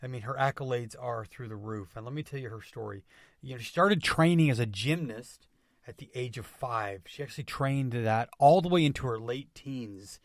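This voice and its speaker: An energetic man hosts a motivational podcast at a middle pitch. His delivery is emphatic, and he keeps coming back to his catchphrases. The sound is dry and close, with no room echo. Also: normal speed, gravelly. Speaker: podcast host.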